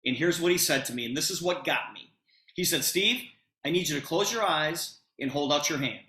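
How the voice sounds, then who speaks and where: A middle-aged man retelling a conversation to an audience with lots of expressive emphasis. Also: on the high side, normal speed, roomy sound. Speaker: presenter telling a personal story. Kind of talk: animated storytelling to an audience.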